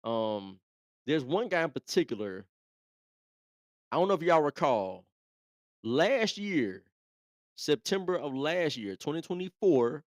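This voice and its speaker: A man's voice: fairly high pitch, dry recording, studio quality. A man hosting a live show, talking in a laid-back, chatty way and often repeating himself. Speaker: host. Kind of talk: casual live commentary.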